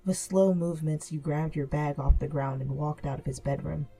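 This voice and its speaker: Woman reading a fanfic story, low dark gravelly voice, soft and slow. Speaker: narrator. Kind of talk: second-person fanfic narration. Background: soft music.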